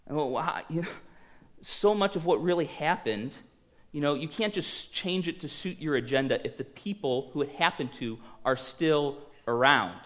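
A man preaching a sermon, animated, dropping to hushed tones for emphasis and acting out quoted voices. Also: a little high, moderate pace. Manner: animated, swings between loud emphasis and hushed lines. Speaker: pastor.

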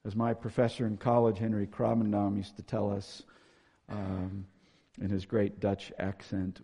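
Gravelly, husky-voiced male preacher. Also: lowish voice, completely flat delivery, unhurried, mellow, big-room sound. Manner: earnest, rising to emphatic when reading scripture. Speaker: pastor. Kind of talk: sermon.

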